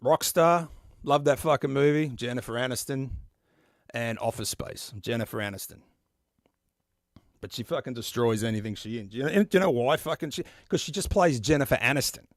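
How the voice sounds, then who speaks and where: A man in his forties hosting a stream, chatting casually and profanely in a rambling, animated way. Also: mid-range voice, a little fast, dry recording, studio quality. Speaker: podcast host. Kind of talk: casual chat about metal albums.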